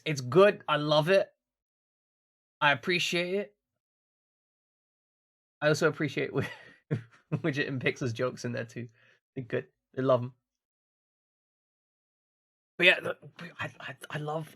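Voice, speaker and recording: A man's voice: fairly high pitch, a little slow, long pauses, fairly bright tone. A man streaming a game in casual chat, joking and swearing and often repeating his words as he talks.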